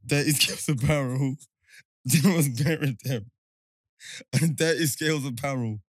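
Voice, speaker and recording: A man's voice: mid-range voice, unhurried, dry recording, studio quality. A young man, co-hosting a podcast in casual banter, joking, laughing at his own jokes and arguing playfully in slang. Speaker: podcast co-host.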